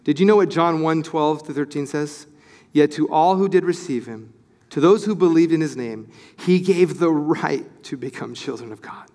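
Pastor, male, high voice, lively sermon delivery, long church reverb. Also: moderate pace. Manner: animated, acts out quoted voices, excited.

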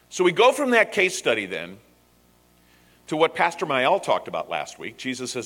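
Male pastor, animated storyteller, bright tone, reverberant sanctuary. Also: a little high, normal speed. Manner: animated storytelling with paraphrased dialogue. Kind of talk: sermon. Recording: echoey hall reverb.

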